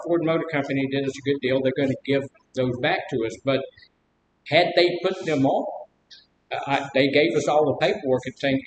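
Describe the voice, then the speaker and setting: A man leading a recovery group as counselor, talking casually, asking the group questions and telling personal stories with humor. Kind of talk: informal group talk on recovery. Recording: echoey room with faint rumble.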